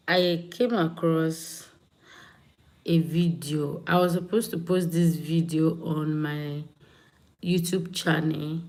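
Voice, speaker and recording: A woman's voice: low voice, dark tone. A woman hosting a casual livestream, chatting with viewers and greeting them by name. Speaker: livestream host.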